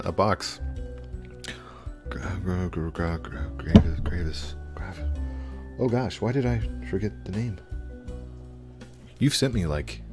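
A man chatting casually and rambling while he plays a game, easily distracted. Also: low-pitched. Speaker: gaming YouTuber. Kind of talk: casual gameplay commentary.

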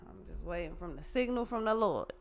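A woman's voice: fairly low pitch, expressive, fairly quick, a little hiss or hum. A woman giving a casual tarot reading in a blunt, profane, slangy way. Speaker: tarot reader.

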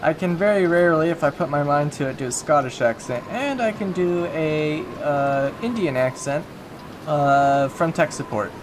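A chatty, jokey man narrates a survival game as he plays, thinking aloud and joking with his viewers. His voice sits a little high for a man. Clear noise hums steadily under the recording. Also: normal speed. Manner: chatty, jokey, talks to himself while playing. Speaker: gaming YouTuber. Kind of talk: casual let's-play commentary.

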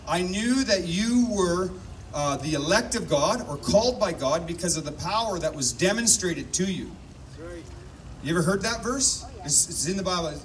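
A man preaching outdoors in a park, fervent and telling stories, often repeating words as he builds up. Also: a little high. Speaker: street preacher. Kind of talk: outdoor sermon with storytelling. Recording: distant mic outdoors, faint noise.

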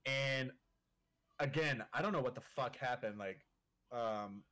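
A young man in casual conversation, telling a story with loose, animated energy. He swears freely and peppers everything with filler words. His voice sits at an ordinary middle pitch. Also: unhurried, a little hiss or hum. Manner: animated storyteller, swears a lot, leans on 'like'. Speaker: guest.

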